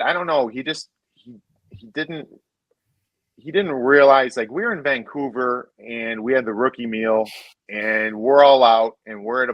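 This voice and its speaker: A man's voice: mid-range voice, no room sound, lo-fi sound. A man, a former hockey player, casually telling rambling locker-room stories full of restarts and swearing. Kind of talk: casual storytelling chat.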